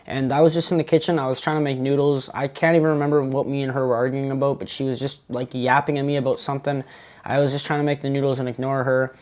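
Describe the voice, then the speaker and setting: Young man, twenty, storytime vlog, halting, earnest, mid-pitched voice. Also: little pitch movement, a little mellow. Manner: halting and earnest, with frequent fillers and restarts. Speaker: vlogger telling his own story. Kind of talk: personal storytime monologue.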